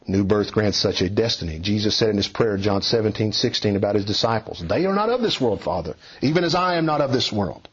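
A man's voice: fairly low pitch, expressive, fairly quick, hardly any pauses, breathy edge. A man preaching an expository sermon, rising and dropping his voice for emphasis and urging his listeners to hear him. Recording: dull lo-fi recording.

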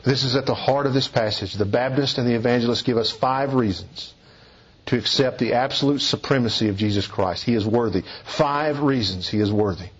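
A man's voice: mid-range voice, a little fast, husky, muffled recording. A man preaching an expository sermon, emphatic and repeating key phrases for weight.

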